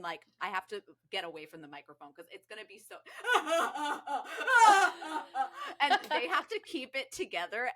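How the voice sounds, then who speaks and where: A woman guest on a podcast, spinning a lively story and laughing at herself along the way. Her voice is bright and forward. The sound is dry and close. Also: mid-range voice, no echo, poor audio. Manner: animated, self-mocking storyteller who laughs often. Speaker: podcast guest, co-host of another show.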